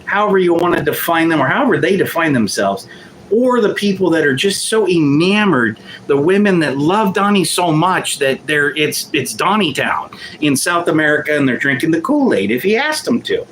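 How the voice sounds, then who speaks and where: A man's voice: a little high, big pitch swings, normal speed, fairly bright tone, a little hiss or hum, poor audio. A man hosting a political commentary show, ranting in a profane, heated and sarcastic way.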